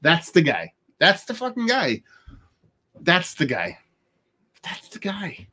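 A man's voice: fairly high pitch, huge pitch swings, slow pace, sharp tone. A young man co-hosting a beer tasting livestream, chatting casually with a joking, rambling, foul-mouthed manner.

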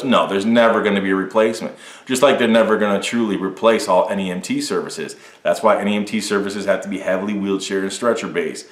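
A man hosting a business podcast, reacting to a news clip with animated, preachy commentary and rhetorical jabs. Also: echoey room. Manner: animated, preachy, swings from loud rhetorical jabs to low asides. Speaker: podcast host.

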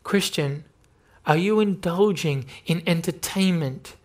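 A man's voice: on the high side, takes it slowly. A male pastor preaching a sermon, earnest and pressing direct questions at his listeners.

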